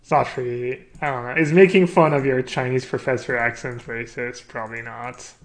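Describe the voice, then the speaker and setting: Brief: male streamer, gravelly mid-pitched voice, casual joking commentary. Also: steady tone, normal speed, slight background noise. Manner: joking, thinks aloud about card choices.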